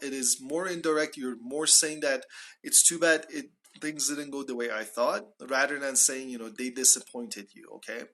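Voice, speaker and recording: Bright-voiced male English teacher. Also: mid-range voice, fairly even intonation, moderate pace. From Iran. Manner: explains phrases, then acts out short example dialogues. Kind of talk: casual spoken English lesson.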